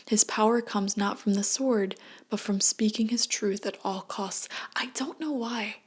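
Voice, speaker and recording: A woman giving a casual tarot reading at home late at night, talking in a hushed voice that often drops to a whisper, chatty and prone to tangents. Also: mid-range voice, measured pace, husky. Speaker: tarot reader.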